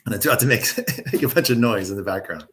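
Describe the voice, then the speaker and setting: A man talking calmly and reflectively about handling emotions, as a guest in a conversational interview from home. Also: lowish voice, quick pace, noisy background. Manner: calm, reflective, coaching tone.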